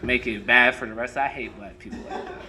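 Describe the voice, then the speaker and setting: A man's voice: mid-range voice, steady tone, brisk, bright, forceful tone. A young man performing a profane, crowd-teasing stand-up comedy set on a club stage. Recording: noisy live room recording.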